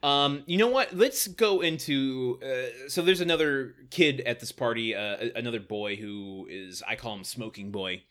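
A man's voice: mid-range voice, moderate pace, few pauses, fairly bright tone. A man co-hosting a podcast, chatting casually and laughing often while recapping a sitcom episode. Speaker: podcast co-host.

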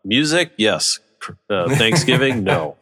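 A man's voice: fairly low pitch, big pitch swings, measured pace, sharp tone, big-room sound. A man on a podcast, adding dry joking asides in casual chat.

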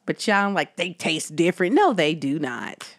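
A woman in her thirties chats on a home podcast, full of lively storytelling swings. She speaks to her listeners directly and keeps it casual. The sound is close and dry, with no room around it. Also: lowish voice, moderate pace, no room sound. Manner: animated storyteller, addresses listeners as y'all. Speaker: podcast co-host. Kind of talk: casual chat.

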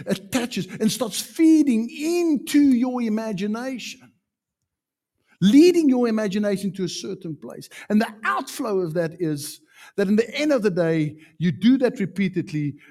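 A man preaching a sermon as pastor, emphatic, with sudden loud peaks. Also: high voice.

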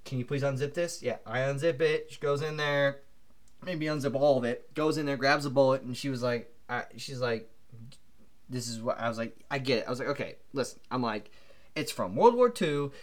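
A man co-hosting a podcast, telling a long anecdote in an animated, rambling way full of fillers. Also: mid-range voice, a little fast. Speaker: podcast co-host. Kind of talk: casual storytelling chat.

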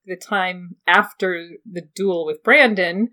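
A woman's voice: fairly low pitch, takes it slowly, sharp tone. A woman co-hosting a podcast, explaining a point in a thoughtful, casual way. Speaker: podcast co-host. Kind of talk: casual chat.

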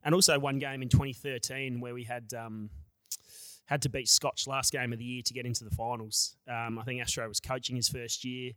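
A man's voice: medium pitch, little pitch movement, a little fast, a bit bright, no echo. An Australian man in his thirties, a podcast guest, recalling old matches in a reflective, rambling way. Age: 30s. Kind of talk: casual interview.

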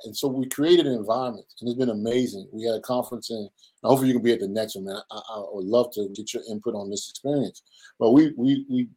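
A man in his fifties speaks in an earnest, preacherly way as an interview guest. His voice sits at an ordinary middle pitch, and he slips into short quoted voices while he makes his points. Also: a little mellow, poor audio. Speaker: guest, pastor and men's ministry leader. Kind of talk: conversational interview.

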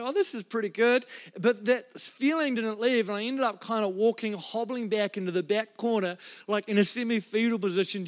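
A man's voice: high voice, a bit bright. A man preaching a sermon as a pastor, telling a personal story in an earnest, emotional way with frequent restarts. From New Zealand. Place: church.

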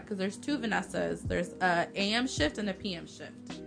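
A young woman working as a nursing assistant, chatting casually and telling lively work stories, acting out quoted voices and swearing freely. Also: mid-range voice, moderate pace, gravelly, over music. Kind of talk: casual podcast chat.

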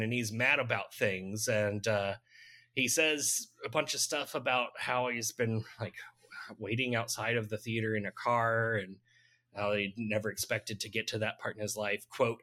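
A man's voice: medium pitch, fairly even intonation, a little slow, bright, forceful tone. A man casually recapping a film's plot on a podcast, laughing often and cracking dry jokes. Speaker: podcast host recapping a film. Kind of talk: casual chat.

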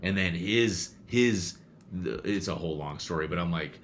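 A man's voice: sits low, moderate pace, noisy background. A man who coaches youth baseball, chatting casually and telling stories with lots of restarts and repeated words. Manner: animated storyteller, many restarts and repeats. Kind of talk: casual chat.

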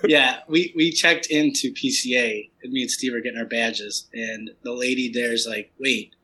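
A man as a podcast guest in casual chat, relaxed and chatty with many fillers, with a husky voice. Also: medium pitch, moderate pace, rough recording. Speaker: podcast guest, cigar brand owner.

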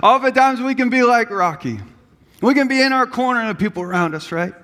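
A man with a very high voice preaching a sermon. He builds from easy talk into rising, impassioned calls. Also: expressive, a little fast, pushed and bright, long reverb tail. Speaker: pastor.

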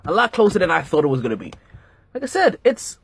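A man with a husky, fairly high voice hosts a sports podcast in a loose, chatty way. His pitch leaps up and down as he repeats himself and throws in jokes. The sound is dry and close. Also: quick pace, no echo. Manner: animated, repeats himself, jokey asides. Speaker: podcast host. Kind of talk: casual sports podcast monologue.

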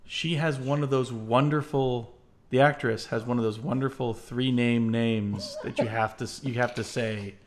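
A man's voice: mid-range voice, steady tone, normal speed. A man hosting a podcast quiz game in casual chat, playful and laughing often. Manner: playful, laughing often, acts out movie lines.

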